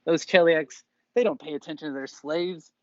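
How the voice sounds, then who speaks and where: A man's voice: fairly high pitch, normal speed, no echo, highs cut off, natural voice. A man voicing a wary, nervous male dwarf who leads a mine of former slaves and keeps repeating himself when pleading.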